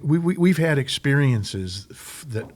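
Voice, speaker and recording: An older man speaking as a guest racing team leader, reflective and halting with many restarts. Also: medium pitch, animated. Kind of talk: reflective conversation.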